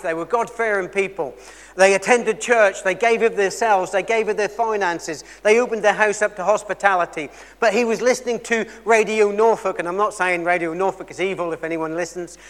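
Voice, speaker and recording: High male preacher, earnest sermon storyteller, swings between loud and hushed, long church reverb. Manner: earnest storytelling, shifting between loud emphasis and quiet intensity.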